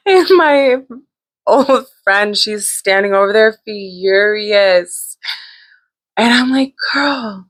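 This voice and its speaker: A woman's voice: mid-range voice, lively intonation, drawn-out words, long pauses, fairly bright tone, no room sound. A woman hosting a podcast, casually telling a story, laughing often and acting out what people said. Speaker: podcast host.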